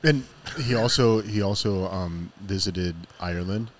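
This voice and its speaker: A man's voice: lowish voice, a little slow. A man co-hosting a podcast, chatting casually in an easygoing way. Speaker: podcast co-host. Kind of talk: casual chat.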